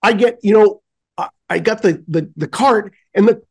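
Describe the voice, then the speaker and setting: A man co-hosting a casual chat, telling a story in an animated way, acting out scenes with sound effects and many restarts. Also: sits high, moderate pace, creaky, breathy edge.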